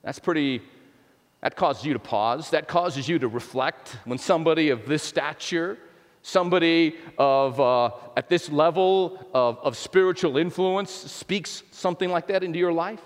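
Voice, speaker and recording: A high-pitched male pastor preaches in a church sanctuary, keeping it chatty and often restarting his sentences. His voice rings out with the long reverb of a large hall. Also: normal speed. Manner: conversational preaching with repeated restarts and playful asides. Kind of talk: sermon.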